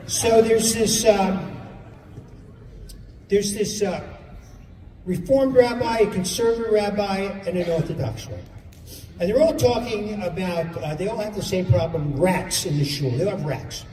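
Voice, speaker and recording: A man's voice: high voice, dark tone, slight background noise. A male stand-up comedian rattling off classic jokes one after another, coaxing the audience to remember them. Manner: rapid-fire classic joke telling, coaxing the audience. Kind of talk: stand-up joke set. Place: live event hall with audience. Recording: distant mic in a reverberant hall with crowd. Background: audience laughter and room ambience.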